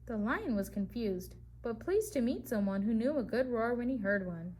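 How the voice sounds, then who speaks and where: A woman's voice: a little high, lively intonation, normal speed, hardly any pauses, a little mellow, a little hiss or hum. A woman reading a picture book aloud to preschool children as their teacher, stopping to ask them questions about the story.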